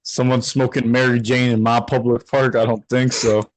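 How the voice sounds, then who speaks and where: A man's voice: normal speed, no echo, poor audio. A young man co-hosting a podcast, joking and teasing among friends in casual chat. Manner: animated, jokey, jumps high in pitch when teasing. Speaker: podcast co-host.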